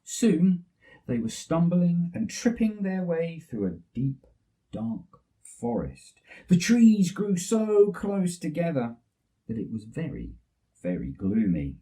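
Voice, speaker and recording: English guy telling a kids story, slow, bouncy pitch, slightly distant. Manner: lively, expressive, unhurried. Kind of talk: children's story reading.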